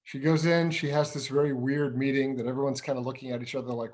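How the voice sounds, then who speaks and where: A man hosting an interview who once worked as an intelligence officer, explaining events in a measured way, step by step. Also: medium pitch, level tone, darkish tone. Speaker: show host and former intelligence officer. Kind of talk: conversational interview.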